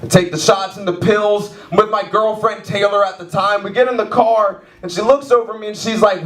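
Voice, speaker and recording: A man in his twenties doing stand-up storytelling in a comedy club, animated and self-mocking, mimicking sound effects. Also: high voice, brisk, hardly any pauses. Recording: echoey club heard from far off. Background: audience laughing.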